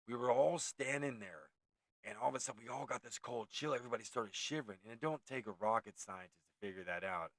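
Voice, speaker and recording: A man's voice: mid-range voice, fast talker, no room sound. A man around forty from California, telling a haunted story in a rambling, profane, laid-back way, full of tangents and self-corrections. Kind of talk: casual storytelling.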